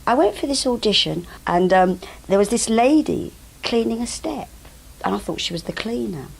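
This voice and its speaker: An older woman telling lively stories about her stage career, often acting out the voices of other people. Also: a little high, moderate pace, vocal fry, husky, poor audio. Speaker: interviewee, actress recalling her career. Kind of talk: anecdotal reminiscing. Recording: old VHS broadcast tape.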